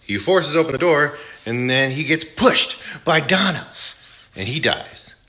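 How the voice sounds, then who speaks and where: A man retelling a movie plot in a casual, animated way as a movie reviewer. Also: on the high side, a little slow. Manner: animated storytelling.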